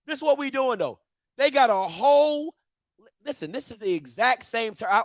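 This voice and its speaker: A man with a very high voice delivers a heated commentary rant straight to his audience. He repeats himself for emphasis and slips into a preacher's call-and-response rhythm, and the sound is close and completely dry. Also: expressive, normal speed, no echo. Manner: emphatic, repeating rhetorical questions to viewers. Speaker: commentary show host.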